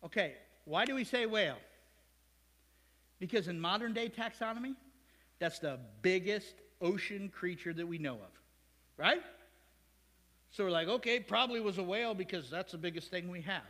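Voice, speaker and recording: A male pastor from Ohio preaching a sermon in a church, lively and conversational, with asides to the congregation. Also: high-pitched, normal speed, long pauses, in a large hall. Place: church sanctuary.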